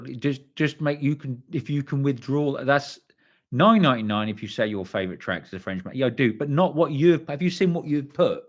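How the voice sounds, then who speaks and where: A middle-aged man hosting a live stream, reading viewer comments in a casual, rambling way and swearing freely. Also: medium pitch. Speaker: livestream host.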